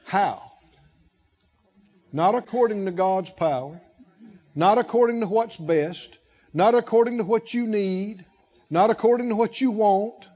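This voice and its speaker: A man's voice: high-pitched, unhurried, long pauses, warm tone, dull audio. A man preaching a sermon as pastor, emphatic and calling out questions for the congregation to answer.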